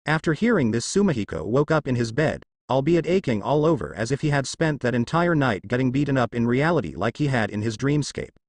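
A man narrating a fan fiction story in a lively storytelling way. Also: fairly quick, hardly any pauses, no echo. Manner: lively storytelling, varies pitch for dialogue.

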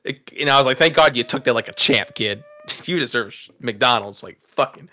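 Bright-voiced young man rambling. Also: mid-range voice, moderate pace. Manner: rambling, profane, laughs at himself. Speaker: podcast host. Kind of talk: casual storytelling chat.

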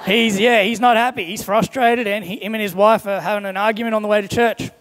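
In a sermon, a young man recounts everyday stories and briefly takes on the voices of the people involved, speaking briskly with fairly even intonation. His tone is a bit bright and high for a man, and the large church hall leaves a long echo behind his words.

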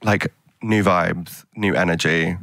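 A man's voice: low voice, fairly even intonation, takes it slowly, vocal fry, fairly bright tone, no echo. A man hosting a podcast in casual, slangy and playful chat. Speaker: podcast host.

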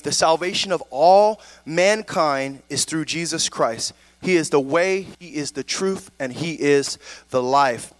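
A man's voice: high-pitched, fairly bright tone, no echo. A man preaching a sermon as pastor, calling out "amen?" and "right?" to the congregation between points.

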